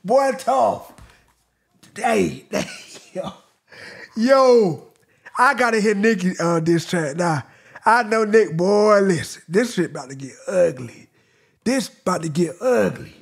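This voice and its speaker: A man hosting a reaction video, reacting with loud, animated exclamations and slangy asides. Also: high-pitched, takes it slowly, gravelly, pauses often. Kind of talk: excited reaction commentary.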